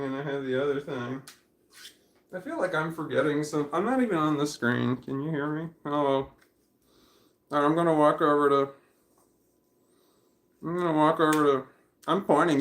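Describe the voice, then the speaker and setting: A man's voice: a little high, fairly bright tone. Rambling, swearing man in his forties. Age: 40s. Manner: rambling, swearing, self-interrupting. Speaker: livestreamer. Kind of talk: casual livestream chat. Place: indoors at home. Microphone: phone camera. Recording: echoey room, off-mic.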